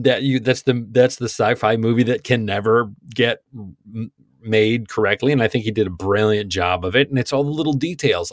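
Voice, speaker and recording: A middle-aged man co-hosting a podcast, talking films in an animated, wry way. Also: mid-range voice, no room sound. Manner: animated, wry, acts out lines in voices. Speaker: podcast co-host. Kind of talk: casual film discussion. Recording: dry close sound.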